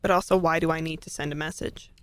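A young woman in her twenties with a naturally deep voice, chatting casually on a podcast in a relaxed, thoughtful way. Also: fast talker, dry recording.

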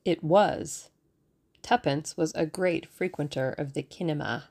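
A woman narrating a novel as an audiobook, in a measured and expressive storytelling manner. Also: low voice.

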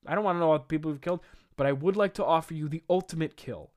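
A man voicing a calm, scheming male mad scientist villain who talks in a low, sarcastic, dismissive way. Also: racing, lightly acted.

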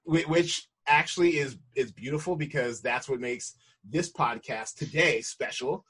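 Rambling american man, husky voice. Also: mid-range voice, unhurried, a bit bright. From United States. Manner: rambling, restarts a lot, laughs easily. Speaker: podcast co-host. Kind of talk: casual chat.

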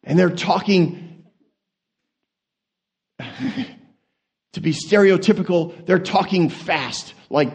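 A man with a high voice preaches an animated sermon, telling the story with jokes and asides. He drops into quiet mutters, then climbs to excited peaks.

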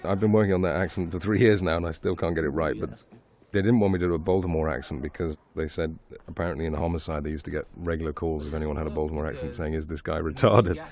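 A man's voice: very deep voice, fairly even intonation, very fast, darkish tone. A man giving casual, amused film commentary. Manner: chatty, amused. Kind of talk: casual chat.

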